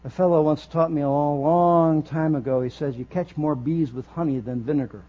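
Speaking at a moderate pace with a steady tone, a man with a slightly high voice preaches a sermon. He's a pastor, earnest and emphatic, building his phrases as he goes, on a dull lo-fi recording with faint mains hum.

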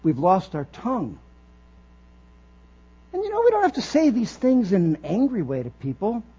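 High-voiced man preaching a sermon. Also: huge pitch swings, normal speed, mellow, husky. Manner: earnest preaching with rising emphatic phrases. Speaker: pastor. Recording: dull lo-fi recording with faint mains hum.

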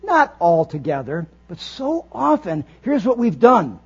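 A pastor delivers an earnest, emphatic sermon, constructing his phrases as he speaks. His high-pitched voice is husky and very animated yet a little slow, captured on a dull lo-fi recording with faint mains hum.

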